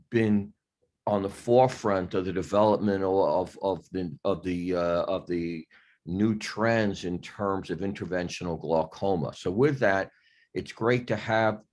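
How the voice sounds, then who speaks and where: A man with a very low voice opens an online session, introducing the speaker haltingly and restarting his phrases. He is talking over a video call from a hotel room. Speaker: program moderator.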